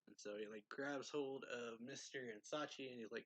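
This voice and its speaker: A man's voice: mid-range voice, sharp tone, no echo. A man recapping a manga chapter in a loose, chatty way, full of "like" and "um" as he retells each scene. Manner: loose and chatty, heavy use of "like" and "um", quick laughs. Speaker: manga reviewer. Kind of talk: casual plot recap review.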